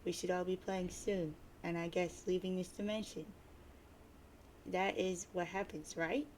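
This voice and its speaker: A woman's voice: on the low side, steady tone, unhurried, darkish tone, slight background noise, natural voice. A woman reading the lines of a mopey, sarcastic teenage boy who sees himself as a prophet of doom, in a dramatic webcomic reading. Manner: grumbly, sarcastic, self-pitying.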